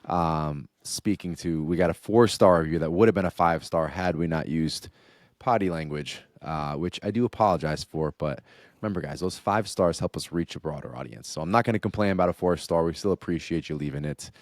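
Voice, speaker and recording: A man co-hosting a fitness podcast, speaking in a measured way with emphatic build-ups. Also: low-pitched, no room sound, studio quality.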